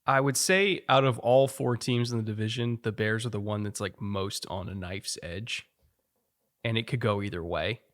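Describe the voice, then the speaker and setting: A man's voice: lowish voice, moderate pace, fairly bright tone. A man hosting a football show, giving opinionated, stat-heavy analysis in casual chat with frequent restarts. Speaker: football podcast host.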